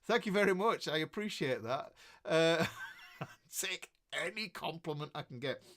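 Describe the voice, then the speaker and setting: A man in his fifties with a Northern English accent hosts a casual guitar live stream, greeting viewers by name. His voice sits slightly higher than most men's. He rambles warmly, with plenty of restarts and easy chuckles. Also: lively intonation, moderate pace. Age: 50s. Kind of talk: casual live-stream chat reading out comments.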